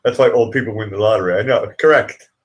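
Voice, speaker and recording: Speaking fast in a voice on the low side, a middle-aged livestream host chats casually with his viewers. His talk rambles and breaks off mid-thought, and he laughs at his own jokes.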